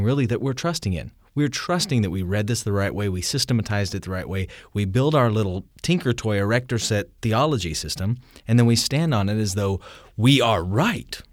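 A man talks through faith and scripture in an animated, lively way, his pitch swinging up and down as he builds examples. His voice sits on the low side. The sound is dry and close. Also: no echo. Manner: animated explainer, shouts quoted lines in vivid examples, asks "you see?". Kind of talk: conversational theology discussion.

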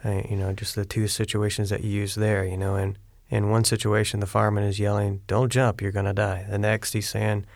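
A man reflects aloud in a theology discussion, working through his thoughts with fillers. His voice is low and flat, with little movement. The sound is dry and close. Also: fairly quick, few pauses, no echo. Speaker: discussion participant.

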